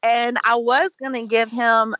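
High-voiced profane woman co-host. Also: level tone, measured pace, dull audio, a loud crowd. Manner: loud, profane, laughing banter. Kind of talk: call-in podcast banter.

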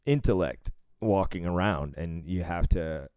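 A man's voice: low voice, a little slow, darkish tone, smooth, no echo. A man from Cambridge, Massachusetts, chatting casually, cursing freely and laughing often. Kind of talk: casual chat.

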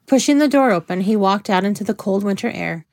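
In clean studio sound without any echo, a woman with a medium-pitched voice narrates a novel. She's an audiobook narrator giving a steady, measured scripted reading.

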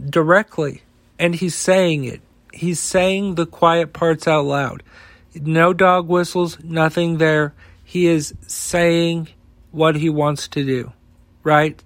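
A man rants in a heated, profanity-laced monologue. He speaks slowly and deliberately in a fairly high voice, with his thoughts rambling as he goes. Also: fairly bright tone, no room sound. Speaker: podcast host. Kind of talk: opinion rant.

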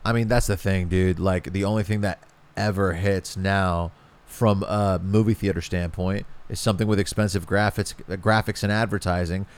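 A man's voice: sits low, steady tone, normal speed, clear, resonant tone. A young man co-hosting a casual chat, loose and slangy, with a lot of dude and like. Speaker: co-host.

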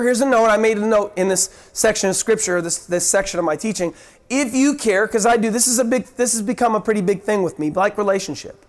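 A man with a high voice preaching an earnest sermon. He teaches from the Bible, often repeating and restarting his words, and shifts his pitch sharply up and down as he acts out the voices in the story.

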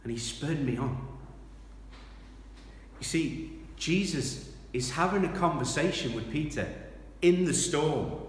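A man preaching a sermon, reading scripture aloud with loud dramatic emphasis and then dropping to quiet reflection. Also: on the high side, expressive, unhurried, pauses often, a little hiss or hum. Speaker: pastor. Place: large church hall. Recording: echoey hall from far off.

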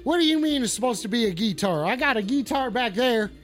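A man's voice: extremely high pitch, expressive, a little fast, a bit bright, soft background music. A man hosting a live call-in stream in character as a touchy, swearing cowboy with a put-on drawl, rambling and reacting to chat.

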